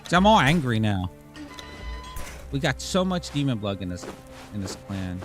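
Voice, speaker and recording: A man's voice: mid-range voice, sing-song, normal speed, pauses often, a bit bright, faint music behind. A man streaming a game as a VTuber, talking in a rambling, casual way and swearing freely. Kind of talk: casual gaming livestream chat.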